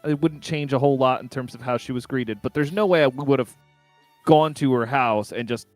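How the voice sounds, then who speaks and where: A man's voice: medium pitch, a little fast, dry recording, faint music behind. A man playing a tabletop game, chatting casually and joking, heard on a close mic. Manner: joking, protesting.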